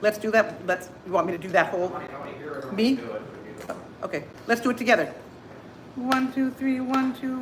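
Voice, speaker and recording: A woman teaching a group singing class, singing lines and then coaching in quick, chatty, self-deprecating asides. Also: fairly high pitch.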